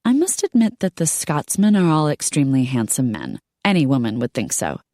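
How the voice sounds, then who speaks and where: A woman's voice: deep voice, sing-song, brisk, mellow, no room sound, studio quality. A woman voicing a spirited young woman with a wry, sarcastic manner.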